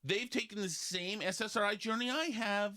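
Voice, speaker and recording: New guy in his 30s rambling on a podcast, voice a bit high for a man, does goofy high voices for people he quotes. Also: normal speed, bright, forceful tone. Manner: rambling storyteller, mimics others in high voices. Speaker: podcast host. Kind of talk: casual talk show banter.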